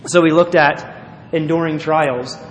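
A man's voice: fairly high pitch, steady tone, unhurried. A male pastor preaching a sermon, earnest and reading a story aloud with feeling. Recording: echoey hall, faint noise.

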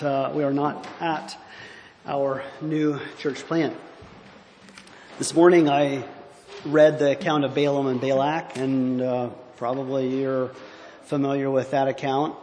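A pastor with a medium-pitched, slightly mellow voice gives a rambling, reflective sermon in church, frequently pausing to find his words. The hall sounds echoey, with faint ambient noise.

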